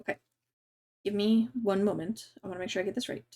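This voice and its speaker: A woman running a tabletop game as game master, chatty and relaxed, with lots of fillers. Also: medium pitch, fast.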